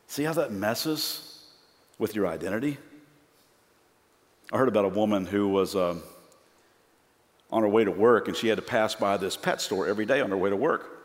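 A man's voice: lowish voice, moderate pace, pauses often. A male pastor preaching a sermon with emphatic, rhythmic contrasts that build in force. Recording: long hall reverb.

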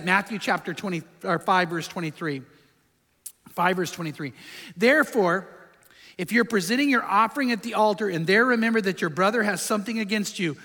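A man's voice: high voice, sharp tone, big-room sound. A man preaching a sermon in a conversational, emphatic way, asking his listeners rhetorical questions. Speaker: pastor.

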